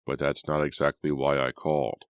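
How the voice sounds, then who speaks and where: A man's voice: rumbling low, flat delivery, normal speed, smooth, no echo, studio quality. A man playing a teenage boy on the phone who teases and then hesitates. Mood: hesitant. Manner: hesitant, teasing.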